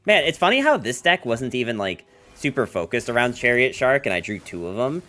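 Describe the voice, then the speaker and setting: Here a man streams a card game, his medium-pitched voice very animated, a little fast and sharp in tone. He chats casually and rambles, leaning on "like" and "um," with jokey comments aimed at his viewers.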